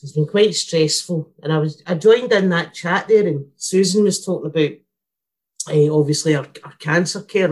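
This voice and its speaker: A Scottish woman telling a comic story in a casual, sweary, blunt and animated way. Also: on the low side.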